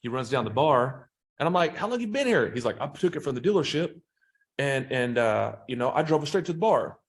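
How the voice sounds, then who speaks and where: Profane, animated man telling stories. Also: mid-range voice, a little fast. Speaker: podcast guest, sales trainer. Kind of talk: casual interview talk.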